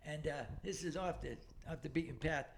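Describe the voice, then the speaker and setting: A man's voice: fairly high pitch, fairly quick, vocal fry, a little hiss or hum. A man in his older years, telling profane stories as a podcast guest and acting out the people in them. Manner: profane, animated storyteller who acts out quoted people. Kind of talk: casual storytelling chat.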